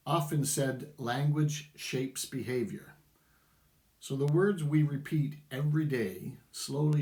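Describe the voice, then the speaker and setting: A man's voice: mid-range voice, a little mellow, echoey room. A middle-aged man giving casual, opinionated commentary to camera, chuckling wryly as he goes. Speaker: vlogger.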